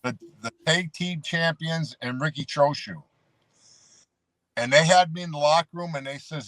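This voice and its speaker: A man's voice: on the high side, moderate pace, a bit bright, no echo. A man, a former pro wrestler, telling road stories as a guest in a casual, rambling way, calling the host "brother" and leaning on "you know". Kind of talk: casual storytelling.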